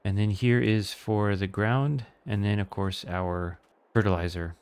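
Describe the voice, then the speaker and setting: Low-voiced man in relaxed gameplay commentary. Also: a little slow, clean tone. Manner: relaxed, thinking aloud, with hesitations.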